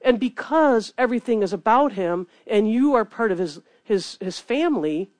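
A woman preaching a sermon in an earnest, animated way, reading scripture between her points. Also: on the high side, normal speed, dry recording.

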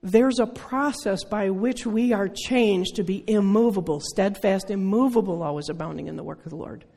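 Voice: medium pitch, moderate pace, vocal fry, dark tone. A preacher in their sixties giving an earnest, conversational sermon full of rhetorical questions. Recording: long reverb of a large hall.

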